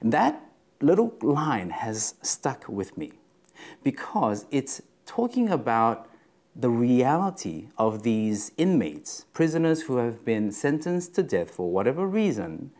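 A man preaching a sermon in a conversational way, often pausing on fillers and checking in with the listeners. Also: mid-range voice, sing-song, a little mellow. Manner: conversational, with frequent fillers and "right?" check-ins.

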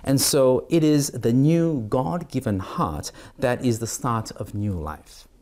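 A man's voice: medium pitch, lively intonation, takes it slowly, a little mellow. A middle-aged man as pastor, giving a devotional sermon and reading scripture aloud, with many fillers and restarts.

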